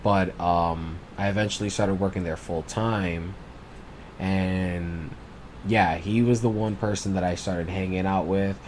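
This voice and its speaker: A man's voice: low-pitched, fairly even intonation, unhurried, a little mellow, slight background noise. A man co-hosting a podcast, telling stories in loose, casual chat with heavy swearing. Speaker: podcast co-host.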